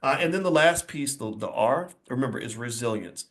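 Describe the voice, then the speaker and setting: A man's voice: medium pitch, a little fast. A middle-aged man giving an emphatic, preachy motivational speech to an audience, telling stories with energy. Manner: preachy, emphatic, animated storytelling. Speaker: speaker addressing an audience.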